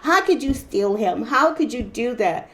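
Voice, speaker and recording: A heartbroken, furious jilted woman, acted by a woman reader hurls short accusations at her rival. Her voice sits a touch higher and louder than the reader's usual talk, and she keeps repeating how hurt and betrayed she feels. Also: expressive, measured pace, very noisy. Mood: angry hurt.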